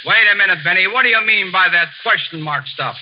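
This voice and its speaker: Gruff, blunt man in radio comedy. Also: sits high, brisk, a little hiss or hum. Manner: gruff, blunt, mangles words. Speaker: guest bandleader. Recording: dull old radio broadcast.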